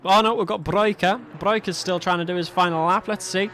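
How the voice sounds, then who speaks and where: A man from England giving live sim-racing commentary as host, excitable and quick to laugh with his co-host. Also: high voice, slight background noise. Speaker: race commentator.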